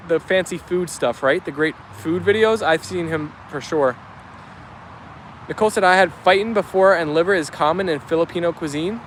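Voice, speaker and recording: A young man with a New York Italian accent chats brightly outdoors, his voice sitting high for a man. He reads comments aloud in an upbeat, easygoing way, full of little fillers. Faint traffic hums behind him. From New Jersey. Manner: chatty, upbeat, many fillers. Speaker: vlogger reading live chat. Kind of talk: casual chat reading comments aloud.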